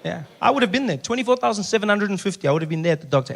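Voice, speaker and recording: A man's voice: high voice, lively intonation, very fast, gravelly, hardly any pauses, a faint crowd. A man from Africa, performing a stand-up comedy set live on stage, telling stories and acting out other people's voices. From South Africa. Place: theater stage before a live audience.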